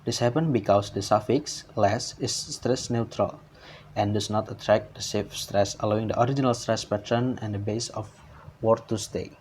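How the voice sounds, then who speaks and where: Halting man reading a morphology presentation. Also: on the low side, darkish tone, slight background noise. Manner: halting, frequent uh fillers and restarts. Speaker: student presenter.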